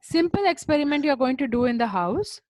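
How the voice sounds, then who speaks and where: Fast and expressive, with a high-pitched yet darkish tone, an Indian English-accented woman teaches a class over a video call. She restates instructions, moves into Hindi, and scolds students by name.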